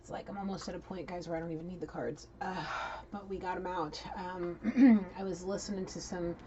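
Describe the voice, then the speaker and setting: A woman's voice: lowish voice, fairly even intonation, a little fast, dark tone, highs cut off, a little hiss or hum. A woman giving a casual channeled tarot reading, chatty and blunt, swearing freely. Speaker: tarot card reader.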